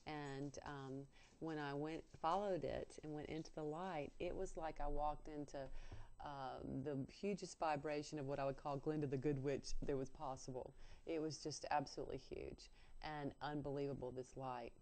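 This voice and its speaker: A middle-aged woman with a low voice tells a personal spiritual story for radio. She is earnest and halting, trailing off into fillers and restarting her sentences as she goes. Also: fairly even intonation, a little mellow.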